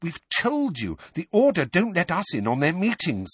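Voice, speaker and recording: A man's voice: on the high side, wildly swooping pitch, slightly rough, dry recording, pitched above the performer's own voice, heavily acted. A man voicing a nervous teenage girl witch. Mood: hasty. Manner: quick, pleading, nervous. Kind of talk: audiobook character voice.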